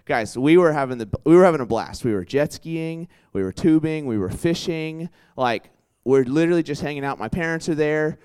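A young man preaching in a casual storytelling style, chatty and animated, full of asides and questions put to a live audience. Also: fairly high pitch, brisk, hardly any pauses, smooth. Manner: chatty and animated, full of "like" and "right?", quizzes the crowd. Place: church hall with a live audience.

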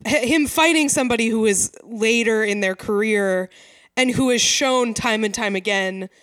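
A woman's voice: fairly high pitch, moderate pace, a bit bright, no room sound. Woman co-host, easygoing chatter, dry close-mic recording. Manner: chatty, many "like" fillers, laughs at own jokes. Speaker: podcast co-host. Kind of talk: casual chat.

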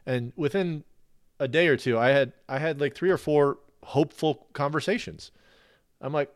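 A man's voice: a little high, moderate pace, no room sound, studio quality. A man talking earnestly in a casual faith conversation, often repeating words as he restarts his thoughts.

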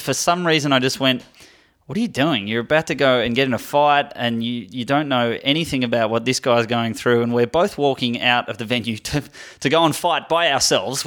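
A comedian guest, a man, telling a story in casual podcast chat, a little halting, with restarts. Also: medium pitch, fairly bright tone.

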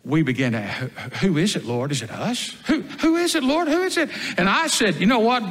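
A man's voice: a little high, very animated, a little fast. Peter as a man plays an impulsive apostle in a reverberant hall. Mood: earnest. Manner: dramatic storytelling, swings between loud and hushed. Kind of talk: first-person dramatic monologue.

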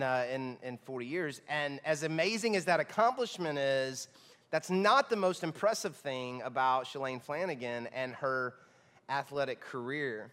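A hoarse male pastor, bubbling over with excited, chatty energy as he preaches. His slightly high voice rings out in a church hall with a long echo. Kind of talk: sermon. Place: church auditorium.

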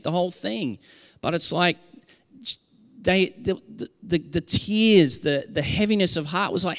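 A man's voice: sits high, creaky, a bit bright, big-room sound. A man preaching a sermon as pastor, earnest and impassioned, often restarting his sentences.

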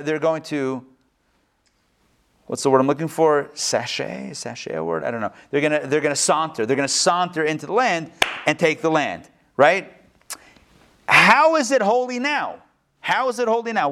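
Animated rabbi teaching, higher-voiced man. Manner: animated, playful, asks rhetorical questions. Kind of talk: joking, interactive text study lecture.

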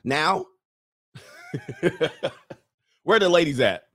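A man lecturing bluntly as a relationship coach on a live-streamed show. He jokes provocatively, jumping between loud bursts and low muttered asides. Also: very animated, extremely slow, no echo, clean studio sound.

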